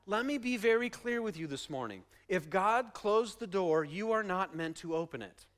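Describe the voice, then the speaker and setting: Male pastor, middle-aged, high-pitched, animated sermon delivery. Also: normal speed. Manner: animated storytelling, emphatic preaching.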